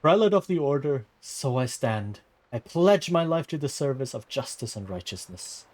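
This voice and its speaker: A man's voice: mid-range voice, very animated, moderate pace, a little mellow, close to an everyday voice. A man voicing a proud, earnest young squire who speaks formally and a little prickly. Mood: solemn.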